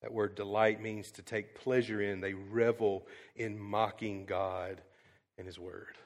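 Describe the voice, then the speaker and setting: A male pastor delivering a sermon, telling stories with sudden swings from hushed to loud and scattering fillers like um. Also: fairly low pitch, level tone, measured pace, in a large hall. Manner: frequent "um" fillers and restarts.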